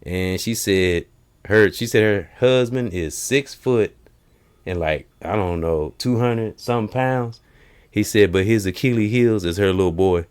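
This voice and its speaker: A man with a low, deep voice hosts a relaxed chat. He retells comedy routines and keeps jumping into high put-on voices for the punchlines. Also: clear, resonant tone. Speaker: host. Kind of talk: casual chat.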